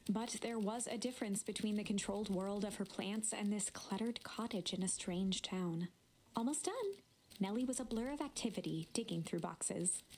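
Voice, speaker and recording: A woman reading story narration from a game aloud in a steady manner. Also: medium pitch, normal speed, a little hiss or hum.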